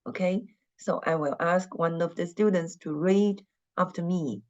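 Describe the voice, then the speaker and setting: A woman teaching an online language class, speaking slowly and patiently and having students repeat after her. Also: lowish voice, darkish tone, highs cut off. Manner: slow, patient, repeats words for students to echo.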